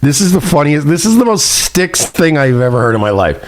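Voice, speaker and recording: A man's voice: on the high side, sing-song, fairly quick, few pauses, slight background noise. A man hosting a reaction commentary. He talks in a mocking, profane and heated way. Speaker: commentary host.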